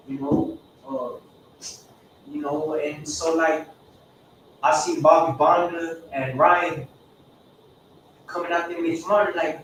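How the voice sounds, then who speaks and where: A man's voice: fairly high pitch, steady tone, unhurried, long pauses, a bit bright. A man sharing his recovery story in a group. He rambles, swears, repeats himself and acts out quoted dialogue. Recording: echoey room from far off with background noise.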